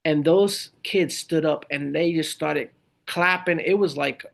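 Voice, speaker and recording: Middle-aged male veteran guest with a gravelly edge, lively and conversational. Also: fairly high pitch, a little slow. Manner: animated storyteller who acts out the voices of others. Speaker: guest, motivational speaker and Marine veteran. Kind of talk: conversational interview storytelling.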